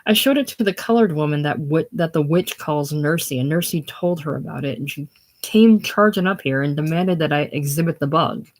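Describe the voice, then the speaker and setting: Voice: mid-range voice, brisk, natural voice. A reader voicing a sickly, lonely older man with a grandiose, self-pitying manner in a casual play reading. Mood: brooding. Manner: theatrical, brooding, self-pitying.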